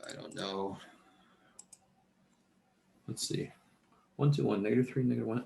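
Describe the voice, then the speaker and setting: A man's voice: medium pitch, moderate pace, gravelly, pauses often, a little mellow, roomy sound. A man teaching a math lecture, talking himself through the arithmetic and muttering curses under his breath. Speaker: math instructor. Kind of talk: recorded classroom lecture.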